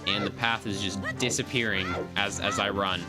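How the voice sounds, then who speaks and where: A woman streams a game live, narrating her own moves over game music in casual, rambling, playful chatter and repeating words. Her voice is bass-deep, with fairly even intonation and a normal speed.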